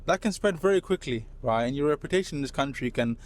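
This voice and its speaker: A man chatting casually as a guest, telling animated stories. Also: on the high side, fast. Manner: animated storyteller, slips into street slang impressions. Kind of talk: casual chat.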